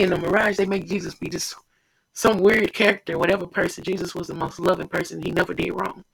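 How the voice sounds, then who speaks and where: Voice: medium pitch, gravelly, a bit bright, breathy edge, poor audio. A preacher giving an informal devotional sermon, fervent and repetitive, speaking straight to the listener.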